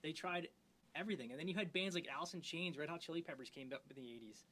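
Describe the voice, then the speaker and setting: A man co-hosting a casual live podcast chat, joking around and breaking into loud singing and impressions. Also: a little high, fast talker. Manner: jokey, bursts into loud off-key singing and impressions. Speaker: podcast co-host.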